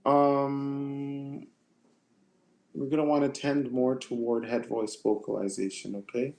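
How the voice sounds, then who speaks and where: A man coaching singers on a livestream, answering chat questions in a relaxed, conversational way that often repeats itself. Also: medium pitch, slow pace, creaky. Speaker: vocal coach.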